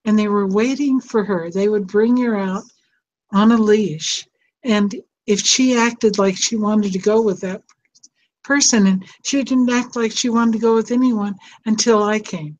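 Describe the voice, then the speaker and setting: A woman's voice: mid-range voice, unhurried, darkish tone. An older woman, a psychotherapist hosting a show, talking in an emotional, tender, rambling way. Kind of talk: casual heartfelt chat. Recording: dull lo-fi sound with faint noise.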